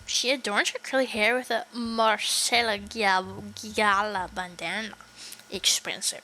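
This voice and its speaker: A woman reading the lines of a calm, observant hotel clerk in a low, deliberate way. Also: slight background noise, poor audio. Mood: musing.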